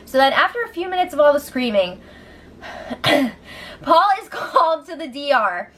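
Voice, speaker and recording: A woman recapping a reality show in casual chat, animated, laughing often and acting out what people said. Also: sits high, normal speed, slight background noise. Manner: animated, laughing, acts out quotes, swears. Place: room at home.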